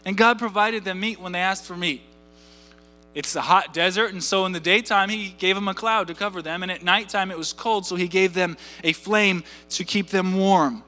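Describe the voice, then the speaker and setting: A man in his thirties preaching a sermon in a church, animated and conversational, full of asides and rhetorical questions. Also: high-pitched, moderate pace. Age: 30s. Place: church sanctuary. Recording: church hall reverb with faint music.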